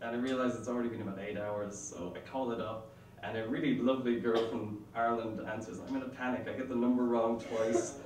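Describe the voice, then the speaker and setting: A man's voice: mid-range voice, steady tone, fast, a little mellow, roomy sound, recorded from a distance, a little hiss or hum, rough recording. A man telling a true personal story on stage, chatty and self-mocking, laughing between lines. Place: stage before a live audience.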